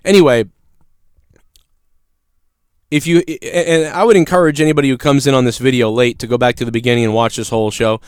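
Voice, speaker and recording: Profane, fast-ranting male stream host. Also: medium pitch, smooth, no room sound, clean studio sound. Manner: profane, animated storyteller. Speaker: livestream show host. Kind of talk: casual ranting livestream chat.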